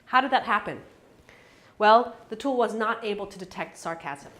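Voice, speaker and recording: A woman's voice: medium pitch, moderate pace, crowd noise. A woman speaking at an academic event, addressing a lecture room audience. Her delivery is conversational and unscripted, with frequent ums and self-corrections. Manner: conversational, many fillers and restarts. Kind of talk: conference talk.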